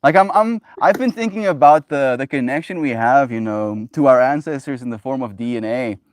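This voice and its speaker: A man's voice: mid-range voice, brisk, dry recording. Reflective man, dry sound. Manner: reflective, uses many "like" fillers. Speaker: host. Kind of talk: casual conversation.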